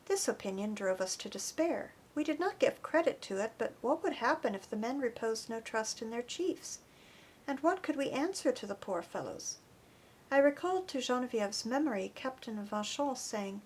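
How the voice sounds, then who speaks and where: A woman reading an audiobook chapter in an earnest, expressive narration. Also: fairly high pitch, normal speed, slightly rough. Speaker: audiobook reader. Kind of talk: scripted narration.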